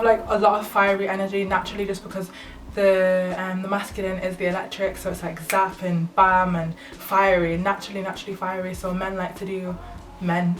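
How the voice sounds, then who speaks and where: A young woman, talking to camera about spirituality in an earnest, rambling way. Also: mid-range voice. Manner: earnest, rambling, full of fillers. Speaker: spiritual vlogger. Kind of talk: casual spiritual talk to camera. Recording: echoey room, mic at a distance.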